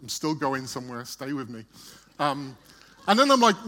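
A man's voice: mid-range voice, very animated, moderate pace, sharp tone. A man speaking to a church, telling a personal story in a chatty way, often repeating and restarting words. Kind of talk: storytelling sermon.

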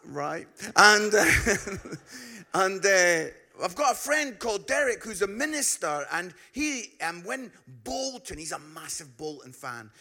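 A man's voice: high voice, gravelly, sharp tone. A Scottish man preaching a sermon, telling a funny story in a chatty way with frequent asides. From Scotland.

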